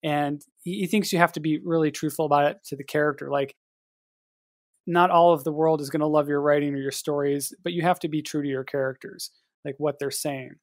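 A man co-hosting a casual writing podcast, talking in a measured, hesitant way with many fillers. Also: a little high, fairly even intonation, no echo, clean studio sound. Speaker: podcast co-host and editor.

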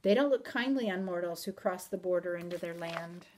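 A woman reading aloud in the voice of a mysterious, teasing wandering man with calm, old-country phrasing. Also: fairly low pitch, fairly quick, a little hiss or hum, lightly acted. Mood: wry. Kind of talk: audiobook reading.

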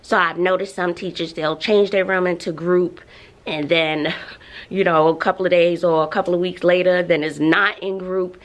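Expressive woman teacher talking to camera. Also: lowish voice, moderate pace. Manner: expressive, ranting, sighs and laughs often. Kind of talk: casual vlog talk to camera.

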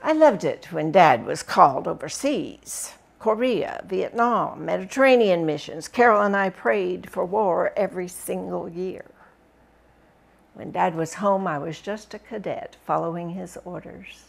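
A woman reading a first-person memoir aloud with expressive, dramatic storytelling. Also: lowish voice, unhurried, gravelly. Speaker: book reviewer reading aloud.

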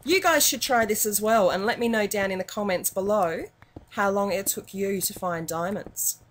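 A woman with an Australian accent giving chatty, excitable commentary while playing a video game as a YouTuber. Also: mid-range voice, moderate pace, a little hiss or hum. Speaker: gaming YouTuber.

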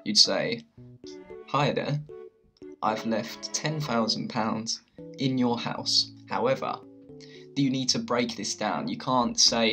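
Young man, London accent, casual explainer, rambling, lowish bright voice, faint guitar music. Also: vocal fry. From England. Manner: chatty, loose, with many "like"s and restarts. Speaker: video host teaching slang.

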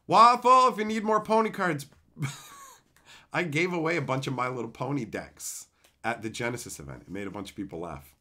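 Reading viewer messages aloud while tearing into card packs on a live stream, a man keeps up cursing, excitable, meandering banter. He speaks in a mid-range voice at a slightly quick pace.

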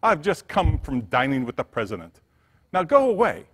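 A gruff old homeless man growls and grumbles sarcastically, played by a male preacher. His pitch jumps around as he speaks. The church hall adds a long echo. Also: wildly swooping pitch, normal speed.

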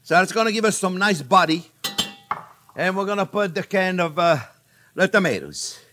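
A man's voice: high-pitched, expressive, moderate pace, background noise. An older man hosting a cooking show, chatting and joking with his viewers as he demonstrates a recipe in a kitchen. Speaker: chef and cooking show host. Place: home kitchen.

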